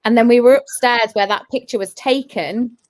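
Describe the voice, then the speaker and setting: A woman's voice: on the high side, normal speed. A woman paranormal investigator telling her story in casual chat, eager and full of restarts. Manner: eager, restarts and repeats phrases.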